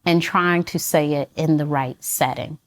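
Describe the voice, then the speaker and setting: Woman, very low voice, dry close sound, measured, teacherly, interview guest. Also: no room sound. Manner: measured, clear, teacherly explanations. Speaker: guest expert on relationships. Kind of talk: calm explanatory interview talk.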